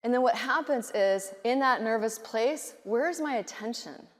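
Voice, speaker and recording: A middle-aged woman giving a conference keynote speech, animated, often acting out nervous inner voices. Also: fairly high pitch, a little slow. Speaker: keynote speaker. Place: large conference hall. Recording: reverberant conference hall.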